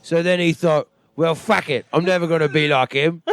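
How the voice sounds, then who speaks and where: A man's voice: fairly high pitch, steady tone, normal speed, fairly bright tone. A man putting on a cheeky British storyteller. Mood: mock-solemn. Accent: put-on British. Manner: mock-solemn storytelling, breaking into laughter. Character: British man telling a cheeky rock tale.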